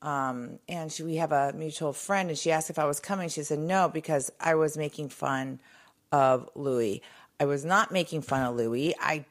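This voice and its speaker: A woman's voice: low voice, moderate pace. A middle-aged woman co-hosting a casual gossip chat, rambling with restarts and fillers. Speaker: show co-host.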